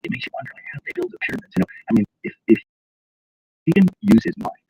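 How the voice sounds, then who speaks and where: A man with a very husky, low voice tells a story in lively conversation, his pitch rising and falling widely as he acts out what others said. The sound is dull and lo-fi. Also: racing, no room sound. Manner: animated, acts out quotes.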